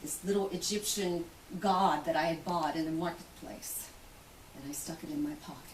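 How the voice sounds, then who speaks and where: A woman's voice: low voice, moderate pace, close to an everyday voice. An actress giving a theatrical first-person monologue as an outspoken, wealthy woman who survived the Titanic, telling the story vividly and acting out the voices of others. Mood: recounting. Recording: roomy, distant, faint hiss.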